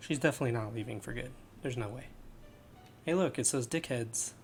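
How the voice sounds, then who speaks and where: A man's voice: mid-range voice, fairly quick, faint music behind. A man casually commenting while streaming a game, chatty and joking with his chat.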